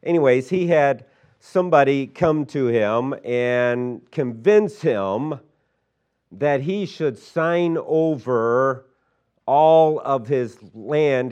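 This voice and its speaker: A man's voice: medium pitch, darkish tone, clear, resonant tone, highs cut off. A middle-aged male pastor telling a folksy story in a sermon, rambling with lots of fillers and restarts.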